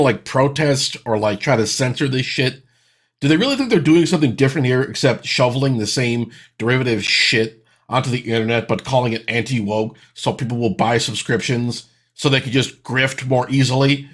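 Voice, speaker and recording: A man's voice: mid-range voice, moderate pace. A man in his thirties hosting a reaction video, with sarcastic, exasperated ranting commentary.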